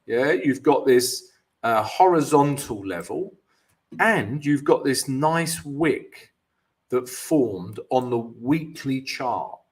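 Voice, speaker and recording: A man's voice: medium pitch, expressive, slow pace. A man hosting a live trading stream, walking viewers through charts and greeting them by name, with frequent "yeah" and "guys". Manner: explanatory, peppered with "yeah" and "guys", reading out viewer names.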